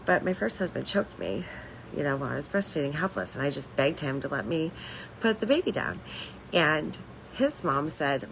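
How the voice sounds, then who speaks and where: A woman's voice: sits low, lively intonation, moderate pace, gravelly, fairly bright tone, slight background noise, poor audio. A woman hosting a casual livestream from home, talking candidly in a rambling way, swearing freely and laughing between lines. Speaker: livestream host.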